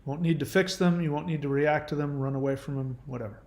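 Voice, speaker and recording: A man hosting his own channel, answering viewer questions in casual, gentle, reassuring advice talk. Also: fairly high pitch, steady tone, quick pace, echoey room.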